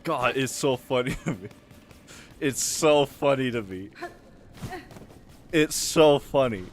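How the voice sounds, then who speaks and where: A man's voice: mid-range voice, expressive, takes it slowly, slight background noise. A man from the United Kingdom giving casual, chatty gameplay commentary, easily amused and laughing often. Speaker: gaming video host.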